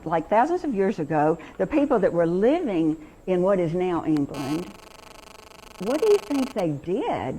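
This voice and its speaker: A woman's voice: on the low side, darkish tone, slight background noise, low-quality recording. A woman in her sixties giving a chatty, encouraging workshop talk on reading to teachers and parents, with many restarts.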